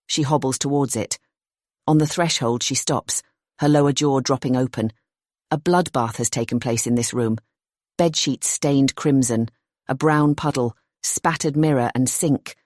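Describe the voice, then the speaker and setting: A narrator reading a suspense thriller in a tense, measured voice of middling pitch. The recording is dry and close with no room sound. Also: a little mellow, no echo. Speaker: audiobook narrator.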